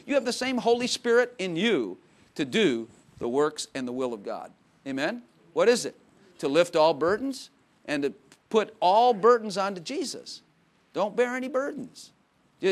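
A man preaching a sermon in a conversational way, dropping to quiet asides and rising to loud emphatic bursts, with frequent laughs. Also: high-pitched. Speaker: pastor.

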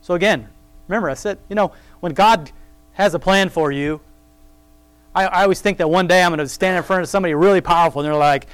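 A man's voice: sits high, smooth, no echo. Casual man reading and explaining scripture. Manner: reads scripture slowly, then comments in a rambling conversational way; laughs at his own remarks. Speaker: Bible study teacher. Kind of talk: casual Bible reading and commentary.

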